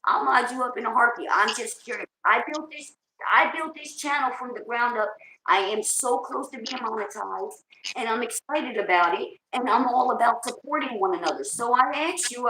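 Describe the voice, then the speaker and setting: A hyped woman with a New Jersey accent chats on her livestream in a loud, big voice. Her tone is bright and forceful, with a rising pitch. The sound is roomy and echoey, with faint ambience behind her. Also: slight background noise. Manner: hyped, talks with emotion. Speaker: livestream host. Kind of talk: casual livestream chat.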